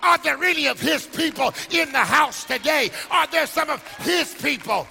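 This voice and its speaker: A man preaching a sermon, chanting in a sing-song rhythm and shouting at the peaks, in a large church. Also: extremely high pitch, lively intonation, normal speed, gravelly. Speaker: pastor. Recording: church hall reverb with music.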